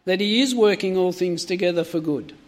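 Higher-voiced man preaching a sermon. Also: fairly quick. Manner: asks the congregation many direct questions.

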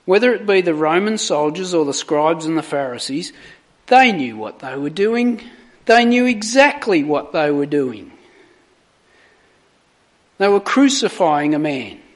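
A man's voice: fairly high pitch, very animated. A man preaching a sermon, reading scripture aloud with dramatic emphasis on the quoted words before reflecting on them. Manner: slow, deliberate, dramatic emphasis on quoted lines.

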